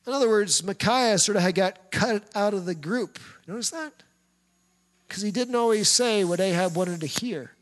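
A man preaching a sermon, retelling a scripture story in a lively storytelling manner. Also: high voice, moderate pace, long reverb tail. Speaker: pastor.

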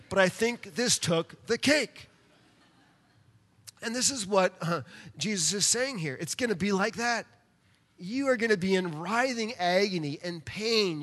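Man, pastor, storytelling sermon, high voice, long hall reverb. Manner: animated storytelling, addresses congregation directly.

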